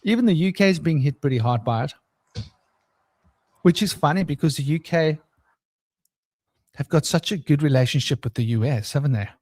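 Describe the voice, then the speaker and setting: A man's voice: a little high, expressive, moderate pace, long pauses, a little mellow, no room sound, clean studio sound. Rambling, chuckling man hosting a chat. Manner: rambling, stumbling over words, laughs often. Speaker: podcast host. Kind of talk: casual chat.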